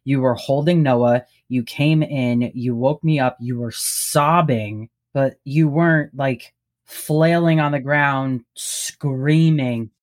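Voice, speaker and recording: Woman, very deep voice, blunt, direct, casual swearing, candid co-host chat. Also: takes it slowly, darkish tone. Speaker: podcast co-host. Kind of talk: candid personal conversation.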